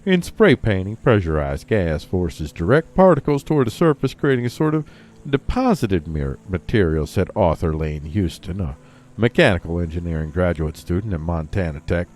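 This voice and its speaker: A man's voice: sits low, sing-song, normal speed, a little mellow. A man hosting a casual comedy news show, reading stories aloud and breaking off into rambling jokey asides and talking to himself. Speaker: podcast host reading news.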